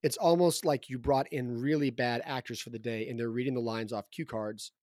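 A man's voice: medium pitch, fairly even intonation, a little fast, darkish tone, no echo, studio quality. A man co-hosting a casual book discussion, talking in a thoughtful way with frequent restarts. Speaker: co-host.

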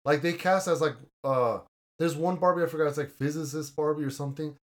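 A man's voice: on the high side, fairly even intonation, brisk. A young man hosting a casual podcast, reviewing a movie in a blunt, argumentative way and swearing casually. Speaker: podcast host.

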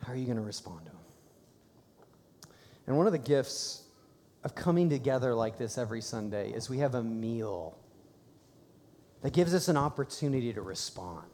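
A man preaching a sermon at a church service, telling stories conversationally and breaking into excited bursts. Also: mid-range voice, normal speed, long pauses. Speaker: pastor. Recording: long hall reverb.

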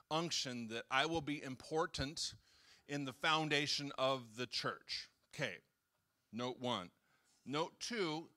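A man's voice: medium pitch, bright, forceful tone. A man preaching a casual, conversational sermon, joking with the congregation and acting out quotes. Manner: chatty, jokes and acts out quotes, talks with the audience. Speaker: pastor. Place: church hall.

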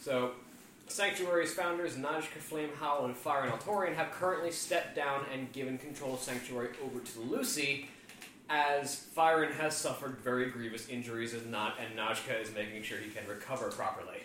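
Relaxed man as game master. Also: medium pitch, moderate pace. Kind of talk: explaining a campaign setting. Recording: echoey room, distant mic, faint noise.

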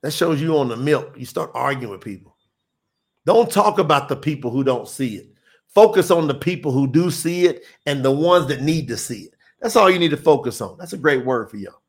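A man's voice: on the high side, expressive, a little fast. A middle-aged man, preaching in an emphatic, repetitive, folksy way during a livestream sermon to online viewers.

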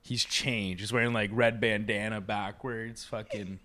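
A man co-hosting a podcast, tossing in quick, profane one-liners in casual comic chat. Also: fairly low pitch, level tone, pushed and bright. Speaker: podcast co-host.

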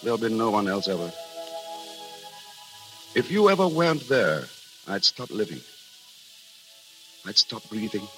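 A playful young soldier home on leave, who teases about food one moment and pours out his love the next. His voice is very bright and crisp. He is heard on an old radio broadcast with faint music underneath. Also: fairly low pitch, sing-song, measured pace, pauses often, heavily acted, low-quality recording. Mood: tender. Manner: joking, then earnest and tender. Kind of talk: 1940s radio acting.

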